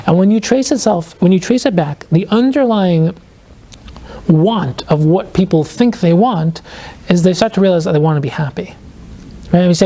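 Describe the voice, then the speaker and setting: A man, an author guesting on a podcast, explaining his ideas earnestly and reflectively, slowing down to stress key points. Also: high-pitched, animated, warm tone. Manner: fills speech with "like" and quoted inner questions.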